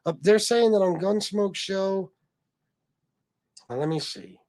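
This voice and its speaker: A man's voice: sits high, takes it slowly, a little mellow, no echo. A man hosting a casual livestream, reading chat comments aloud, blunt and profane, calling viewers bro. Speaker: livestream host.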